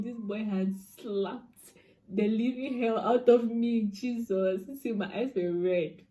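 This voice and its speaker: A young Cameroonian woman with a Cameroonian accent, casually telling a personal story to her viewers in an expressive, chatty way with touches of pidgin. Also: on the high side, slow pace. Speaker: vlogger.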